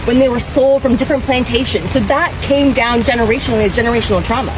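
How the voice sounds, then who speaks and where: A woman's voice: a little high, fast talker, background noise. A woman arguing indignantly in a street interview. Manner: argumentative, indignant.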